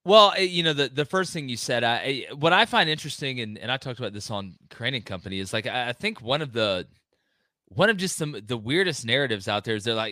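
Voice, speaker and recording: Opinionated man with a bright, dry voice. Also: on the high side, very animated, quick pace, no echo. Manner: opinionated, mocks others in exaggerated voices. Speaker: guest commentator. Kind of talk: casual sports talk.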